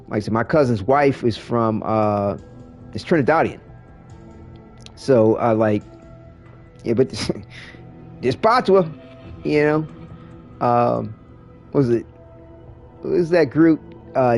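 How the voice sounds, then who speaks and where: A man's voice: mid-range voice, creaky. A man streaming a game, chatting casually with viewers in a rambling way, full of restarts and fillers. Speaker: livestreamer. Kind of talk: casual chat while gaming.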